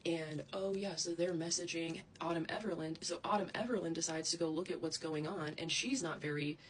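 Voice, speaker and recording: A woman's voice: deep voice, a little fast, slight background noise, poor audio. A woman ranting angrily straight to camera, heated and profane, wandering off into asides. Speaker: social media creator. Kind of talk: angry direct-to-camera rant.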